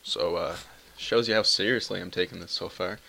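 Recording solo at home on an inexpensive computer mic, this young podcast host from Canada has a low, creaky, bright, forceful voice with fairly even intonation and a moderate pace. His casual monologue wanders, crude and packed with cursing and false starts.

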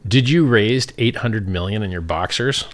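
This man speaks on the low side at a normal speed while hosting a livestream. He reads questions from chat and answers them off the cuff in a rambling way, laughing at his own remarks.

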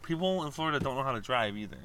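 A man's voice: mid-range voice, racing, slight background noise. A man from Wisconsin in casual chat, ranting and telling stories with lots of swearing. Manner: ranting, profane, animated storytelling.

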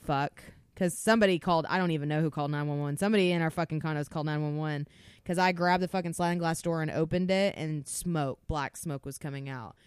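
A young woman on a podcast telling a story in an animated way, swearing constantly. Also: deep voice, quick pace, clean tone, no room sound. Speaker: podcast co-host. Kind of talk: casual storytelling.

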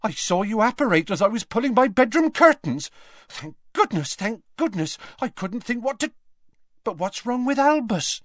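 A man voicing a frightened, flustered middle-aged woman who runs an inn, speaking fast and high. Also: big pitch swings, fairly bright tone, no echo, heavily acted.

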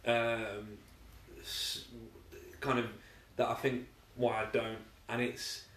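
Young English podcast co-host, mid-pitched, blunt and sweary storyteller, recorded in a roomy space. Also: male voice. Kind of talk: casual chat. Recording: echoey room.

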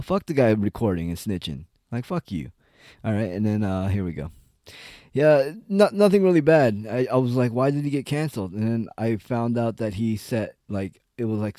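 A man's voice: fairly low pitch, warm tone, no echo, studio quality. A man giving a casual, rambling, profane rant as an online commentator. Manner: profane, rambling, heavy on "like" and "dude".

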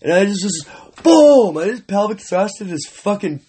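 A man's voice: high-pitched, moderate pace, a little mellow, slight background noise. A man hosting a solo comedy podcast, rambling crudely and profanely in a mock-boastful way. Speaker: podcast host.

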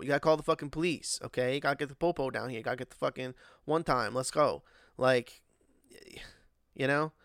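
A man's voice: mid-range voice, no echo, clean studio sound. A man ranting in a casual monologue, profane and rambling, with lots of fillers and an exasperated tone. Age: adult, working.

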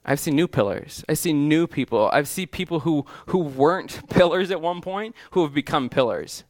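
A man's voice: a little high, expressive, normal speed, no echo, studio quality. A man preaching a sermon in an earnest way, often restarting phrases and building to emphatic lists. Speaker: pastor.

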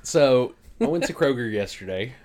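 A man, a podcast co-host telling a profane, animated story in casual chat. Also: mid-range voice, moderate pace. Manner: profane, animated storyteller who acts out other people.

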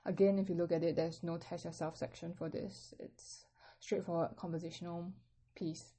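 A woman teaching a casual language lesson, patiently explaining step by step with relaxed fillers. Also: on the low side, moderate pace, slight background noise.

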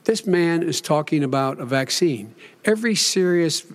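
An older man argues in a televised debate, his voice sitting a little high. He keeps cutting in and circles back with repeated asides and restarts. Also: expressive, normal speed. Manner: repetitive, interjecting, says "and by the way" often. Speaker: debate candidate.

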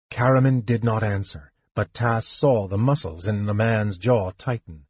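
A man narrating a fantasy audiobook in a measured, expressive storytelling manner. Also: on the low side, breathy edge, no echo. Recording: dull lo-fi dry recording.

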